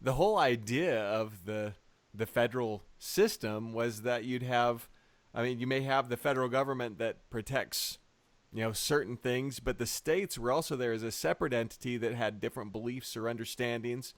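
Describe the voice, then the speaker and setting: A man speaking as a guest on a political podcast, measured and a little hesitant. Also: medium pitch, no room sound.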